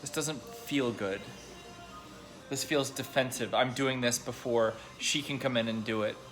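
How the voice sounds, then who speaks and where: Young man, video diary, choked up, halting with many pauses, faint music behind. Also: mid-range voice. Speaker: vlogger.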